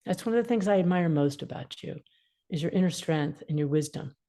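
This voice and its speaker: A woman's voice: low-pitched, brisk. A woman in her sixties, an attorney mediator, explaining parenting advice and acting out what upset teens feel. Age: 60s. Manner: animated, acts out quoted feelings.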